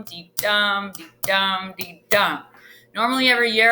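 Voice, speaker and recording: A woman teacher giving a recorded screencast lesson in a deliberate, teacherly way with occasional fillers. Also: a little high, sharp tone. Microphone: computer screen recording.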